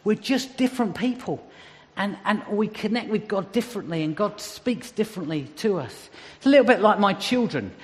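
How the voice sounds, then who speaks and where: A man's voice: sits high, expressive, normal speed, long reverb tail. A middle-aged man giving a conversational sermon with humorous asides. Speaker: church speaker.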